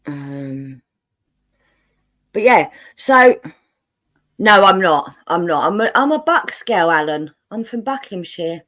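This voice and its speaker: A woman's voice: lowish voice, very animated, slow pace, long pauses, fairly bright tone. A woman with a London accent, hosting a casual chat, reading out viewer comments, laughing often and playing up her broad common accent. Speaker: host.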